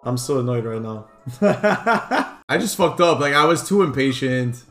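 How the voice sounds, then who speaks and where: A young man streaming a game live, excitable and swearing, swinging from loud cheers to annoyed muttering. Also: medium pitch, brisk, faint music behind. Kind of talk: live gameplay commentary.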